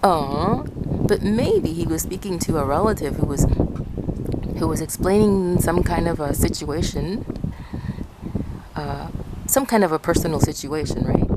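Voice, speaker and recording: A woman's voice: lowish voice, heavy background noise. A woman from Ecuador telling a personal story in a chatty, rambling way, correcting herself as she goes. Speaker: vlogger. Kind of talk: casual storytelling.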